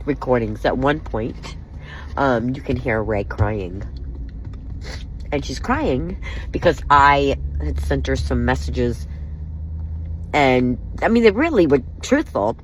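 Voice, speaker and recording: Speaking directly to the camera, a woman vlogger pours out an emotional, profane vent about being hurt, sounding both angry and wounded. Her voice is extremely low, and the rough recording has slight background noise.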